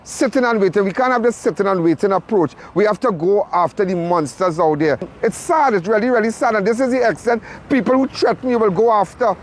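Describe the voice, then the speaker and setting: A man's voice: sits high, brisk, hardly any pauses. A man reporting from a roadside crime scene, talking emphatically, repeating himself and restarting phrases. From Trinidad and Tobago. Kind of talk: impassioned on-the-spot commentary.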